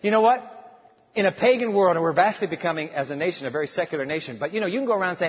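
A man's voice: high-pitched, animated, rapid-fire, slightly rough. A man preacher delivering a dramatic, storytelling sermon full of asides. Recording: dull sound with long hall reverb.

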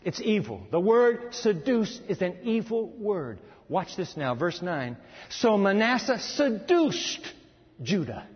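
Male preacher, high husky voice, wildly animated, dramatic sermon, long hall echo. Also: takes it slowly. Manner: dramatic, swings between booming and hushed. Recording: lo-fi sound in a long-reverb hall.

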